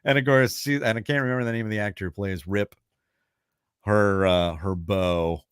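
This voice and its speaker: A man hosting a radio show chats casually and rambles before reading out a trivia question. His voice is on the low side, steady, clear and resonant, at a moderate pace, in clean studio sound with no echo.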